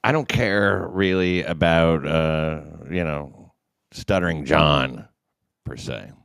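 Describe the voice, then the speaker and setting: A man's voice: very deep voice, slow pace, creaky, a bit bright, clean tone, dry recording, clean studio sound. A man hosting his own livestream, ranting in a profane, combative way with many fillers and restarts. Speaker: livestream host. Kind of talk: ranting monologue.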